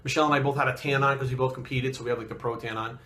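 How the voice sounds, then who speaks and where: A man's voice: mid-range voice, fairly even intonation, rapid-fire, bright, forceful tone. A man telling a story in casual talk, blunt and profane, getting heated as he goes. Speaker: fitness coach and bodybuilder.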